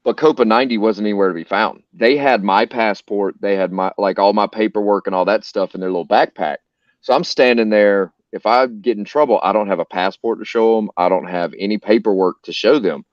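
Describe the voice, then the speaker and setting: A man's voice: fairly low pitch, a little fast, no echo, dull audio. A man from the United States hosting a live stream, telling a rambling, profane anecdote with many fillers. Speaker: stream host. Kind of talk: casual storytelling on a live stream.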